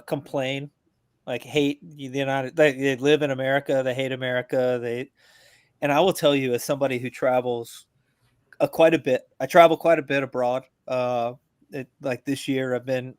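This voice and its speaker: Animated, profane veteran ranting. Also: male voice, medium pitch, no echo, clean studio sound. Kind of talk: casual podcast rant. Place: abroad, remote from the hosts.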